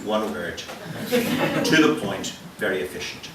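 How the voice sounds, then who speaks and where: A man's voice: lowish voice, very animated, a little slow, very echoey, recorded from a distance, noisy background. Wry Irish man doing stand-up. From Ireland. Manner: wry, self-mocking storytelling. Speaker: stand-up comedian. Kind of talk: stand-up comedy set. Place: live comedy venue. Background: audience laughter.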